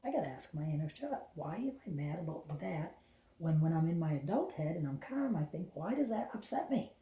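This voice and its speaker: A middle-aged woman with a low, mellow voice tells a personal story with animation, and her quieter asides slip into a hush. The sound is roomy, with a clear echo around her. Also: fairly quick. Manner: animated, drops into hushed whispers for inner thoughts. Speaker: host and spiritual channeler.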